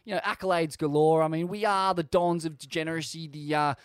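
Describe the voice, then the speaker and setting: Australian male podcast co-host, high voice, sweary, rambling, animated. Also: fairly quick, clear, resonant tone, no room sound, studio quality. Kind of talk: casual chat.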